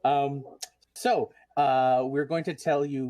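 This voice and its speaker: Casting: mid-pitched man, rambling panel host, dry close mic. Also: steady tone, slow, dark tone, dry recording. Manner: rambling, full of ums and restarts. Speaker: convention chair, panel host. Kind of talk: casual panel hosting.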